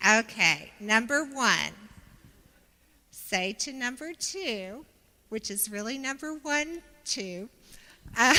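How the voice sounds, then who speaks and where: A woman preaches at an unhurried pace with a bright, forceful tone. Her voice carries through a reverberant church sanctuary as she leads the congregation, from gentle reflection to loud, joyful calls. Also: medium pitch, expressive. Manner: slow, gentle preaching that turns loud and exuberant when leading the congregation. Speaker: speaker giving a Sunday talk. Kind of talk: sermon.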